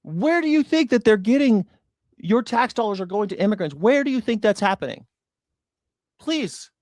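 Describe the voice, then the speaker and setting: A man's voice: sits high, animated, moderate pace, a little mellow, no room sound, studio quality. A man hosting a news reaction stream, ranting sarcastically and swearing as he argues with his chat. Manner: profane, sarcastic, arguing with chat. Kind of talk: heated political commentary.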